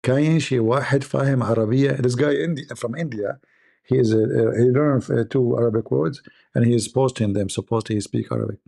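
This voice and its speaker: Male host, sarcastic and halting, gravelly and dark. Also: mid-range voice. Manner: sarcastic, halting, many fillers and repeats. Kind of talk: mocking live commentary.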